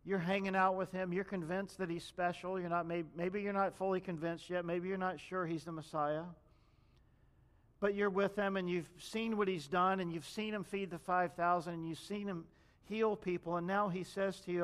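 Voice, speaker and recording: A man's voice: high voice, fairly even intonation, normal speed, fairly bright tone. A man preaching a sermon in a conversational way, addressing the congregation directly and acting out the people in the story. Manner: conversational preaching, acts out quoted voices. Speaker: pastor.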